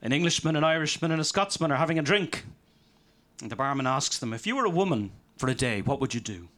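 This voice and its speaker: A man performing a live stand-up set of deadpan one-liners in a comedy venue. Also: medium pitch, fast talker.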